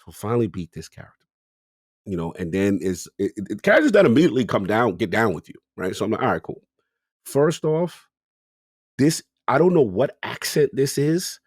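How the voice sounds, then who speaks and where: An animated man co-hosting a gaming podcast, telling a long story in casual chat. His pitch swings widely as he acts out his own reactions, and the sound is dry and close. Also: moderate pace, husky, no room sound. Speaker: podcast co-host.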